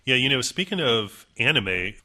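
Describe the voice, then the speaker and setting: A man's voice: mid-range voice, big pitch swings, moderate pace, sharp tone. A man co-hosting a casual podcast chat, enthusiastic and full of fillers. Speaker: podcast co-host.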